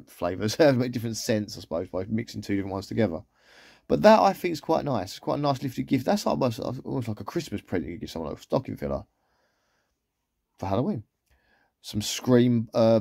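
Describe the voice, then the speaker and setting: Male vlogger, easygoing and rambling, mellow voice, dry close sound. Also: medium pitch, creaky, no echo. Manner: chatty, rambling, with trailing asides. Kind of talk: casual shopping haul commentary.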